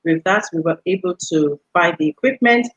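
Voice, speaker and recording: A middle-aged woman from the UK, guest on an interview show, telling her story in lively casual chat and laughing often. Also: on the low side, moderate pace, highs cut off. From United Kingdom. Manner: animated storyteller, laughs often, acts out quoted voices. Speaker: guest, radio station executive.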